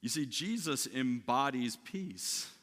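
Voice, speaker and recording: A man's voice: medium pitch, lively intonation, slow pace, fairly bright tone, in a large hall. A man preaching a sermon as pastor in a conversational way, often asking "right?" and restarting his sentences. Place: church sanctuary.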